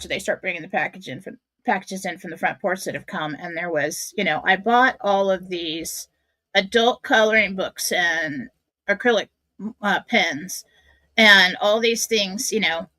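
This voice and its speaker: A woman's voice: mid-range voice, pushed and bright, no room sound. A middle-aged woman hosting a radio show, telling a personal story in a candid, self-mocking way. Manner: candid, self-mocking, acts out her own thoughts.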